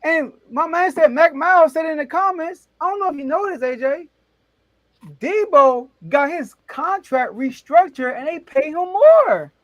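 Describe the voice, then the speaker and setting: A man hosting a casual sports debate show, telling stories in an animated, excitable way with big jumps in his voice. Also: very high voice, a little slow, dry recording, highs cut off.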